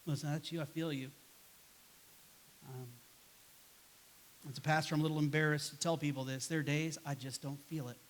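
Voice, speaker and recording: A man's voice: a little high, steady tone, a little fast, long pauses, a little hiss or hum. A man preaching a sermon as pastor in a church, casual and conversational, acting out grumbling replies to make his points. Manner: conversational, acts out quoted voices with a sigh and grumble.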